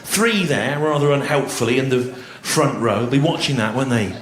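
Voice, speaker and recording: A man's voice: medium pitch, expressive, moderate pace. A man doing live stand-up crowd work, dry, sardonic and repetitive. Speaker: stand-up comedian. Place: large theatre with a live audience. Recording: roomy hall, loud audience laughter.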